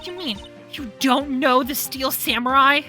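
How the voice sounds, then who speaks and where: A woman's voice: high voice, a little slow, pushed and bright, soft background music, voice pushed up. Woman doing a squealing teen girl, Maya. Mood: eager. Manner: squealing, eager, breathless. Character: excitable teenage girl spirit medium.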